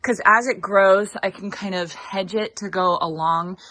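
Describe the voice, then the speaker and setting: Woman gardening vlogger, winded from digging, chatty with fillers, outdoor garden, mid-pitched voice. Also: fairly even intonation, measured pace, sharp tone. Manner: chatty, thinks aloud with fillers. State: out of breath from digging. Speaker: gardening channel host. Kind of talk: casual gardening vlog.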